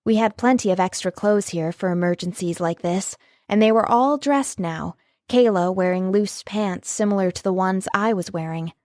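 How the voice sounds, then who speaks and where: A woman's voice: medium pitch, normal speed, few pauses, a little mellow, no echo, studio quality. Woman narrating a romance audiobook. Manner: emotive reading. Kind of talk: scripted first-person narration.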